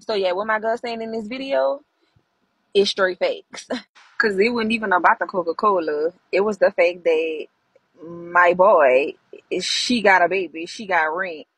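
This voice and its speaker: Woman storyteller, husky, dry close sound, lively and colloquial. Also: lowish voice, measured pace, no echo, low-quality recording. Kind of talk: storytelling in a stitched clip.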